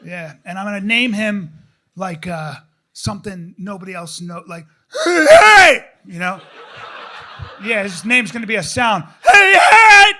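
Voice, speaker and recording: Excitable podcast host guy, swears a lot, rambling rant on stage, high bright voice. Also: normal speed. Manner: excitable, profane, rambling rants. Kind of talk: live podcast banter. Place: live stage show.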